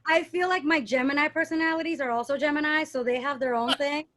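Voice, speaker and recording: Guest spot: high-pitched young woman, animated, chatty storyteller. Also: fast. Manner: animated storyteller, mimics accents playfully. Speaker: dancer and interview guest. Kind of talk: casual interview chat.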